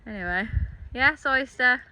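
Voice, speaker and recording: A woman's voice: high voice, expressive, unhurried, bright, forceful tone. Chatty young woman vlogging outdoors. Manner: chatty, laughing asides, talking to animals. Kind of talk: casual vlog chat. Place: outdoors in a big field with horses and dogs.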